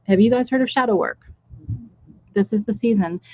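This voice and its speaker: A woman's voice: mid-range voice, moderate pace, dark tone, no room sound, muffled recording. A woman leading a live ritual, talking in a candid, chatty and blunt way, with frank asides to her listeners. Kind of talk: casual live-stream talk. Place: indoors with a small group in the room.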